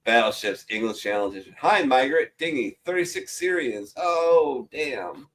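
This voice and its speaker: A man's voice: mid-range voice, animated, measured pace, a bit bright. Profane joking man reading memes. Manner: profane, joking, reads captions aloud with laughs. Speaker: show host reading memes. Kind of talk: casual chat.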